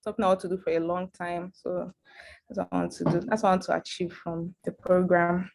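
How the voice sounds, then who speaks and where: A woman's voice: on the low side, little pitch movement, a little fast, creaky, darkish tone. A woman introducing herself earnestly on a video call. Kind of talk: self-introduction in an online meeting.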